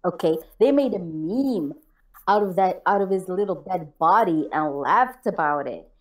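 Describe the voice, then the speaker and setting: A woman's voice: on the low side, expressive, moderate pace. A woman co-hosting a casual chat show, ranting defiantly and swearing heavily as she talks about her critics. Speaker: co-host of a call-in chat show.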